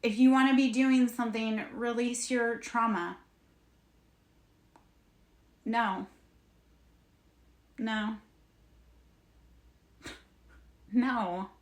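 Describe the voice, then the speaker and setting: A woman hosting a casual livestream as a spiritual reader, talking in a blunt, animated way and swearing casually. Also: fairly high pitch, very slow, long pauses. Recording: roomy, echoey room sound.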